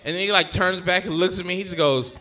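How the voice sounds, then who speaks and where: A young man doing a stand-up set, telling family stories with animated energy and acting out his relatives. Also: sits high, quick pace. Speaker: stand-up comedian.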